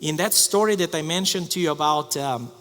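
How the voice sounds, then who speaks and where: A man preaching a sermon as pastor, telling a personal story with lively restarts and repeated words. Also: fairly high pitch, fairly quick, in a large hall, slight background noise. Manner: storytelling, animated with many restarts. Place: church sanctuary.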